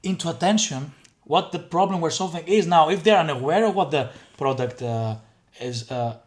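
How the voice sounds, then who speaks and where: A man's voice: fairly high pitch, normal speed. Blunt, emphatic man talking sales. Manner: blunt, emphatic, repeats himself. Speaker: head of sales, guest. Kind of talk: casual business conversation.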